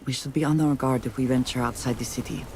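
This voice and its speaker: An actor playing a steady male companion in a video game, warning of danger ahead. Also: mid-range voice, fast, background noise, lightly acted. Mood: cautious.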